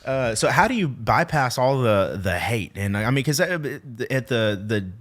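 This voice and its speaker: A man hosting a podcast, asking questions in a relaxed, casual way and laughing easily. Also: medium pitch, measured pace. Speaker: podcast host.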